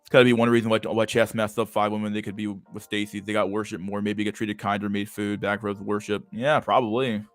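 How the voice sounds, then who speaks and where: A man's voice: on the low side, flat delivery, a little fast, few pauses, soft background music. Rambling, profane young man streamer. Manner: profane, rambling, repeats words. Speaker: streamer host. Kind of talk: casual livestream commentary.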